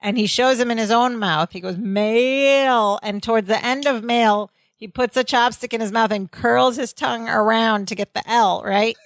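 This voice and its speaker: A woman co-hosting a podcast, retelling a sitcom episode in lively casual chat and laughing often. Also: on the high side, normal speed, hardly any pauses, no room sound. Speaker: podcast co-host.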